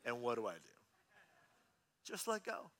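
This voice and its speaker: A man in his thirties preaching a sermon as a pastor, telling a personal story in an animated, conversational way. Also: mid-range voice, a little slow.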